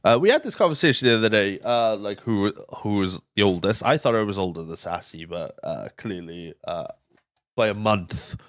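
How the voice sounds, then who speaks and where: A man's voice: fairly low pitch, lively intonation, normal speed, no room sound, studio quality. A young man hosting a casual film podcast, rambling, swearing and stumbling over his words. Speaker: podcast host.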